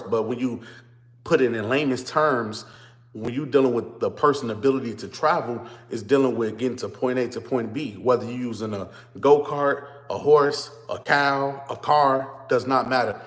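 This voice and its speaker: A man, talking casually to viewers on a livestream from a phone on a stand, greeting them over and over and then ranting as he explains. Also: mid-range voice. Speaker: vlogger.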